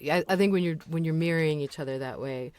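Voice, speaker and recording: A woman's voice: deep voice, fast talker, clean tone, no echo. A woman voice actor chatting casually as a podcast guest, acting out quotes as she tells stories. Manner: animated storyteller who acts out quotes.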